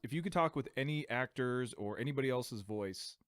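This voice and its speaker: A man's voice: medium pitch, expressive, brisk, clear, resonant tone, no echo. Rambling podcast guy in a dry room. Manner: rambling, laughs often, tries out silly accents. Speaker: podcast co-host. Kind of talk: casual chat.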